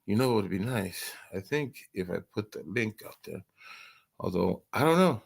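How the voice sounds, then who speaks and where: A man's voice: on the low side, lively intonation, normal speed, vocal fry, breathy edge. A man hosting an early-morning live stream, chatting casually, rambling and stammering through many restarts and laughing often.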